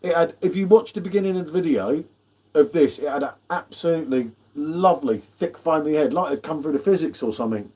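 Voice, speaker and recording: Chatty man with a higher voice. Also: brisk, warm tone. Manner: chatty, matey banter, greets viewers by name. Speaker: beer reviewer hosting a live tasting. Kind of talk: casual live-stream chat.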